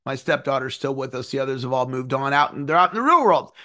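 A man in his forties giving an earnest, animated motivational lesson, sometimes singing a phrase. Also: mid-range voice, quick pace. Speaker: success coach. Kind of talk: motivational teaching talk.

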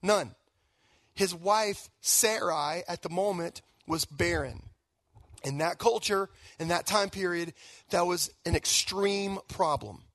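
High-voiced man preaching conversationally. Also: slow pace, no echo. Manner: conversational, animated storytelling with fillers. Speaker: guest pastor. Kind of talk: sermon with personal stories.

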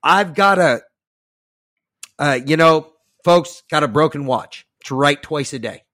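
Guy hosting a podcast, kinda high voice, cussing and bragging, reading stuff out then yelling, dead dry mic. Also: expressive, a little slow, dry recording. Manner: profane, boastful, swings from muttering to loud outbursts. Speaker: podcast host. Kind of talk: ranting podcast chat, reading an article aloud.

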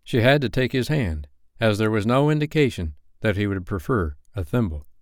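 A male storyteller with a low voice that rises and falls in a lively, animated way as he reads a bedtime story. The sound is dry and close to the mic. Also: moderate pace, no room sound. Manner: expressive, animated reading.

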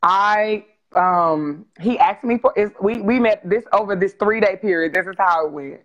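A woman in her forties, a guest telling her life story on a video call interview, open and animated. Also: medium pitch, moderate pace, muffled recording. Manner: animated, open, acts out quoted dialogue with laughs.

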